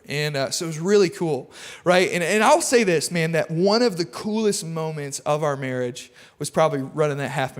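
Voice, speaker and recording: A young man preaching a casual sermon full of personal stories and self-deprecating humor in a large church. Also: high voice. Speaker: guest preacher. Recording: long hall reverb.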